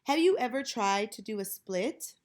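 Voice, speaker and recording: A woman teacher leading a children's reading lesson, modeling each word slowly and clearly. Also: a little high, lively intonation.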